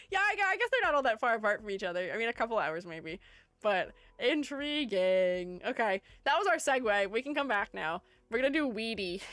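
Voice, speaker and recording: A woman with a fairly high voice that swoops around animatedly, chatting casually on a livestream. She reads her viewers' messages aloud and answers them in a playful, chatty way. The sound is close and dry, with faint music underneath. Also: a bit bright, dry recording. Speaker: streamer ranking game character designs.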